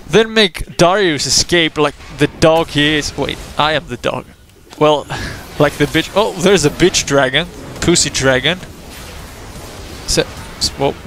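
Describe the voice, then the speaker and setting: A man giving profane, excitable commentary over his own gameplay, trash-talking opponents and breaking into laughter and yelps. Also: gravelly, a little hiss or hum. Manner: frequent laughter and sudden high yelps. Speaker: gamer recording his own match.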